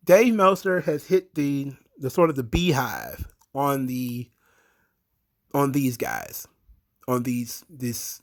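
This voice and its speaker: A man giving a blunt, opinionated, rambling commentary monologue as a show host. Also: medium pitch.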